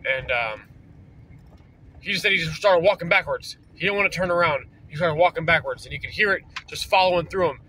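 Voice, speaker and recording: A man's voice: on the high side, fairly quick, bright, forceful tone, a little hiss or hum, poor audio. A man telling a story casually, rambling and swearing, with lots of fillers, recorded in a parked vehicle. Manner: rambling, profane, full of fillers. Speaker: vlogger.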